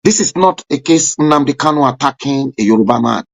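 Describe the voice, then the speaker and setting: A man hosting a live-stream talk show, giving fervent political commentary with sudden loud rising bursts. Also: medium pitch, expressive, fairly quick, creaky. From Nigeria.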